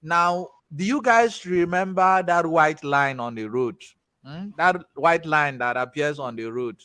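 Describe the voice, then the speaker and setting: Animated Nigerian man teaching a class. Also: a little high, measured pace, clean tone, dry recording. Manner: animated, chatty, mixes in pidgin asides. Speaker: tech instructor. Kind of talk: casual class talk with storytelling.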